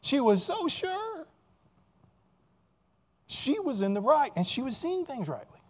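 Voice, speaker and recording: High, lively preaching man. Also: takes it slowly. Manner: preaching, keeps asking listeners rhetorical questions. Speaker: pastor. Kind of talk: sermon.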